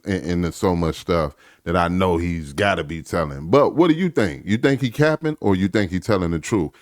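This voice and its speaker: A man's voice: low-pitched, no echo, studio quality. A man hosting a reaction channel, talking in a laid-back, slangy, conversational way. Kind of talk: casual reaction commentary.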